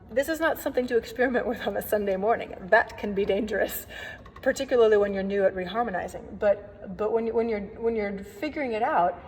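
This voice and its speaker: A woman organist leads a relaxed workshop lesson on hymn playing, friendly and chatty with playful asides. Her mid-pitched voice rings out in a long, lingering reverb. A faint hiss sits under the recording.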